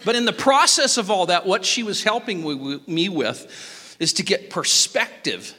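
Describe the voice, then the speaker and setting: A man in his fifties, a pastor giving a sermon with lively, joking storytelling and sudden jumps in pitch. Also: normal speed, big-room sound.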